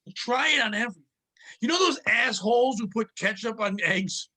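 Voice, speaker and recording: A man rants through a comedic podcast chat, swearing freely and piling joke on joke. His voice sits high and rings bright and forceful. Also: brisk. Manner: profane, animated, ranting. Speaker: podcast host.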